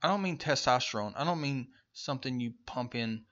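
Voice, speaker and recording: A man's voice: mid-range voice, animated, brisk, fairly bright tone. A man giving an angry political rant, profane and mocking, firing off rhetorical questions. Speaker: political commentator. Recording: muffled lo-fi recording.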